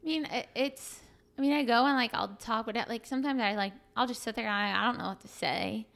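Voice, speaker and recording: A young woman talks in a relaxed, chatty way, scattering fillers through her sentences. Her voice sits a bit high and carries a gravelly fry. She speaks as a fitness coach guesting on a podcast. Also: fast. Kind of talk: casual emotional conversation.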